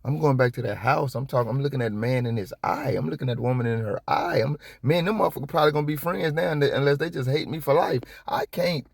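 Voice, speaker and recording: A man giving casual reaction commentary on a police video, rambling and profane, with sudden high-pitched outbursts. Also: quick pace, vocal fry, few pauses, slightly rough, dry recording, clean studio sound. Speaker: copwatch commentator.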